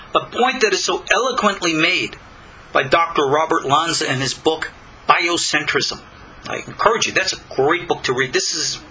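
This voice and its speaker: An older man from Long Island, giving a slow, deliberate spiritual lecture with many pauses. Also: a little high, pushed and bright, a little hiss or hum, poor audio. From Long Island, New York. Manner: slow, deliberate, pausing between phrases. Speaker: spiritual teacher.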